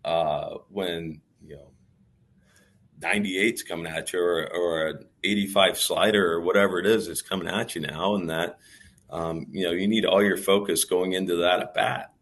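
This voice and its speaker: A professional ballplayer telling candid stories in a thoughtful, rambling way. His voice is very low and gravelly, with a husky edge. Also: fairly even intonation, moderate pace, a bit bright. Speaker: professional baseball player. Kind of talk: reflective storytelling in interview.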